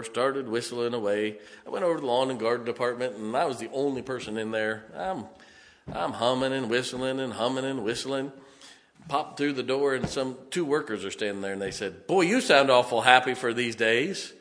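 A male pastor preaching a sermon, telling folksy stories and laughing often between points. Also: fairly low pitch. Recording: long hall reverb.

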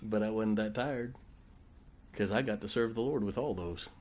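A man's voice: on the low side, normal speed, a little mellow. A man preaching a sermon as pastor, telling folksy stories and joking with his congregation.

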